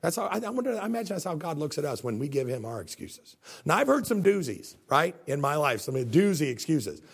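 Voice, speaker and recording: A man preaching a sermon as a pastor, folksy and animated, with joking asides. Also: on the high side, brisk, gravelly, breathy edge.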